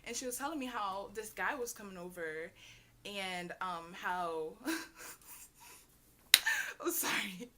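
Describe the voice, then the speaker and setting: A young adult woman telling a storytime vlog in a chatty, slangy, animated way, bursting into shrieks. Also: mid-range voice, slow, pauses often, very noisy. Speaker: vlogger.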